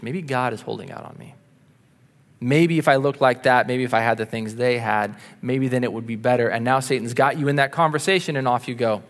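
Earnest preacher in a reverberant hall. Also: male voice, mid-range voice. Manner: earnest and insistent, shifting between punchy emphasis and quiet asides. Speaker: pastor. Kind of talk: sermon.

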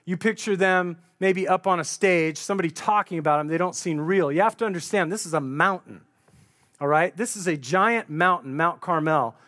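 A man with a notably high voice for a man, preaching a sermon. He retells a story in a loose, conversational way, painting the scene vividly for his listeners. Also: moderate pace, fairly bright tone.

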